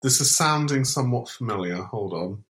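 A man's voice: mid-range voice, expressive, moderate pace, a bit bright. A man co-hosting a podcast in casual chat, dry and sarcastic, with casual swearing. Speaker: podcast co-host.

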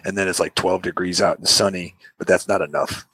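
A man's voice: deep voice, fairly even intonation, fairly quick, a bit bright, breathy edge, dry recording. A man in a casual chat, telling a rambling, laid-back story and acting out what people said.

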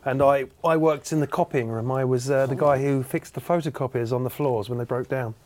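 A male comedian on a panel show, telling a rambling, animated anecdote. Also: mid-range voice, a little fast.

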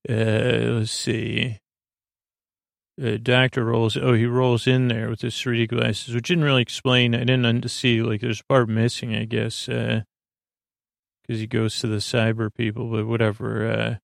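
Flat, gravelly man rambling a recap. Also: medium pitch, measured pace, dry recording, studio quality. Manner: meandering, full of "uh" and "he goes". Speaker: podcast host. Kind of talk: rambling episode recap for sleep.

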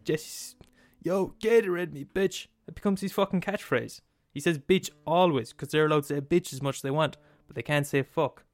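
A man's voice: fairly high pitch, a little fast, hardly any pauses, no room sound, soft background music. A man hosting a podcast, delivering a comedic rant full of swearing and emphatic repetition. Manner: profane, emphatic, laughs at his own points. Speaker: podcast host.

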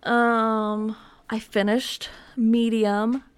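A woman's voice: fairly high pitch, little pitch movement, drawn-out words, smooth. A young woman hosting a podcast from home, chatting casually in a rambling, filler-heavy, self-mocking way. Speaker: podcast host. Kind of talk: casual solo chat. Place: home with dogs around.

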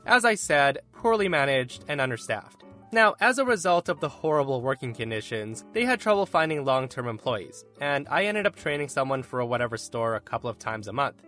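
A man hosting a podcast, reading stories aloud in an animated storytelling way. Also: fairly quick, soft background music. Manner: animated storytelling with lively pitch.

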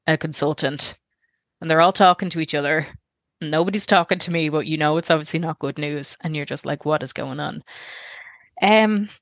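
A low-pitched Irish woman in her thirties recounts her own experience as an interview guest. She talks candidly and rambles, breaking off and restarting her thoughts. The recording is dry and close. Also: no room sound. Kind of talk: personal storytelling interview.

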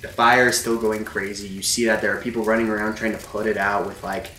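A man's voice: on the low side, level tone, fast talker, pushed and bright, far from the mic, a little hiss or hum. A man running a tabletop game as game master, narrating in a loose, filler-heavy way. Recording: echoey room, off-mic.

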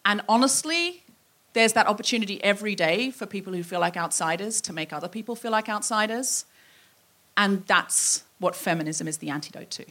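A woman from Australia telling a comic story on a theatre stage, acting out the voices of the people in it with lively energy. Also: mid-range voice, a little fast, a little hiss or hum. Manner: animated, acts out quoted voices. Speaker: comedian. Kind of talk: stand-up storytelling. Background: audience laughter.

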